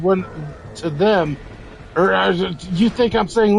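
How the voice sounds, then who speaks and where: A drunk man streaming a game swears and rants at it in frustration. His voice is very gravelly and high-pitched, and the talk drags slowly. Clear background noise sits behind him. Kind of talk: casual gameplay chat. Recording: noisy background.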